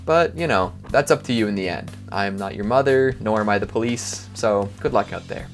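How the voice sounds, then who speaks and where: Recorded on a lavalier mic in his bedroom at home, a man who hosts a countdown video channel rambles through casual outro and blooper banter, joking and self-mocking. He has a lowish voice and talks a little fast, with faint music behind him.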